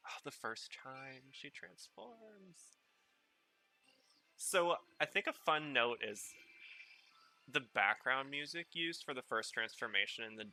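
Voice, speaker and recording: Podcast host, male, very bright and sharp tone, chatty filler-heavy watch-along commentary. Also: fairly low pitch. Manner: rambling, filler-heavy, excitable reactions.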